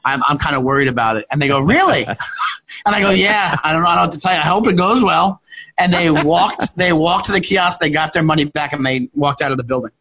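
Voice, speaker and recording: A man's voice: brisk, breathy edge. A man, a stand-up comedian, chatting casually over a video call and acting out hecklers with big swings in voice. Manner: animated storyteller, acts out hecklers with loud swings in pitch. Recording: lo-fi call audio.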